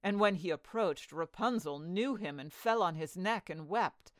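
A woman reading a fairy tale aloud as a storyteller, with an expressive storybook delivery. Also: fairly low pitch, moderate pace, dry recording.

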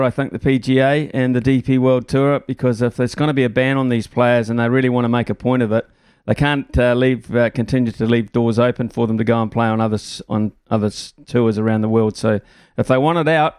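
A man hosting sports talkback radio. His voice is smooth and resonant. He sounds close and dry on a studio mic, chatting in a relaxed way with his callers. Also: medium pitch, dry recording. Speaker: talk radio host. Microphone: studio microphone.

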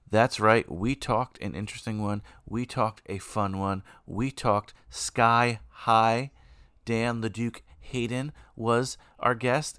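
A man hosts a podcast in a casual, upbeat way, rambling through asides. His voice sits fairly low, and the sound is dry and close with no room echo. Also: fairly bright tone. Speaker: podcast host.

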